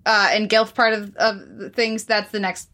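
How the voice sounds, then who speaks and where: A woman's voice: medium pitch, level tone, normal speed, bright, forceful tone. Easygoing woman reading out listener comments. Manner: easygoing, hesitant fillers. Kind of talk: casual chat.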